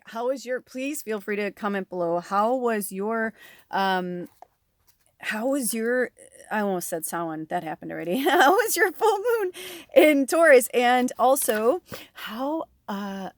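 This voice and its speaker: A woman's voice: medium pitch, no room sound. A woman giving a casual tarot reading to her viewers, rambling chattily and breaking into laughs often. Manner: chatty and rambling, heavy on fillers; laughs often while talking. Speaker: tarot reader.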